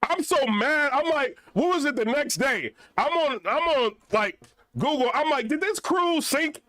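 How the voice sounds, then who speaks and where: A man's voice: extremely high pitch, expressive, moderate pace, bright, forceful tone, no room sound. A young man vlogging in a casual, rambling rant full of slang.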